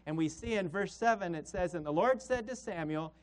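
A man preaching a sermon as pastor, emphatic, slowing on key words and dropping low and quiet to drive points home. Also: expressive.

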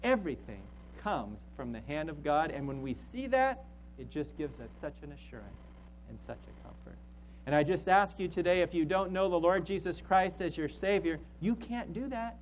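High, lively-voiced pastor preaching a sermon. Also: male voice, normal speed, slight background noise, low-quality recording. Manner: emphatic, repeats phrases for stress.

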